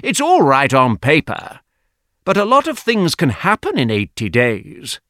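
A man reading the part of a sceptical gentleman, questioning in a raised, doubtful voice. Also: fairly high pitch, huge pitch swings, measured pace, no room sound, studio quality, voice pushed up, exaggerated voice. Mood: doubtful, challenging. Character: doubting, argumentative gentleman at a club table. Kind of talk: audiobook character reading.

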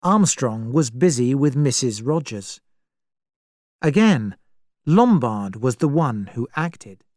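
A narrator reading a story aloud very slowly and clearly, with expressive delivery. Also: mid-range voice, no room sound, studio quality.

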